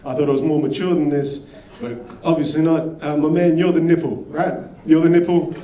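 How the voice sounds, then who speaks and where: Man from australia, slightly high voice, blunt self-mocking stand-up, echoey far stage mic. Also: little pitch movement, fairly quick, warm tone. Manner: blunt, self-mocking, acts out inner monologue. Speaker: stand-up comedian. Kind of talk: stand-up routine. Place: comedy club stage. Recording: echoey distant stage sound.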